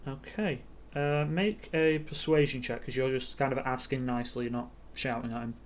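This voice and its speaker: A man with a medium-pitched voice at normal speed narrates a streamed tabletop game as game master, with slight background noise behind him. His delivery is loose and hesitant, dotted with ums and "sort of".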